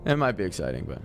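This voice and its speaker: A man streaming a video game, chatting casually, swearing often and yelling repeated callouts when the action heats up. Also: low-pitched, creaky. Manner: excitable, swears a lot, repeats frantic callouts. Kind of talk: casual gaming chat.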